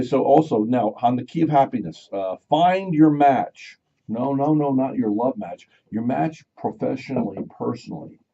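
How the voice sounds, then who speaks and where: Man, radio talk host, rambling, digressive, dark husky voice, dull lo-fi studio sound. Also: mid-range voice. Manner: rambling, digressive, repeats himself. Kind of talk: casual talk radio chat.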